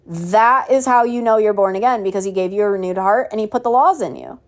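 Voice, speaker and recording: A woman's voice: mid-range voice, fairly quick. A woman teaching a Bible study in a preachy, mocking tone, asking rhetorical questions and reading scripture aloud. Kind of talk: home Bible study sermon.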